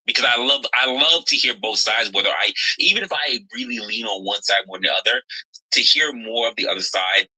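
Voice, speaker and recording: A man arguing in a heated chat, talking quickly and with animation. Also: mid-range voice, bright, forceful tone, slightly rough, rough recording.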